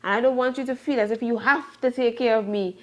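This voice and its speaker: Woman, somewhat high voice, casual conversation, lively, laughs often. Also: quick pace. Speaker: co-host, wife.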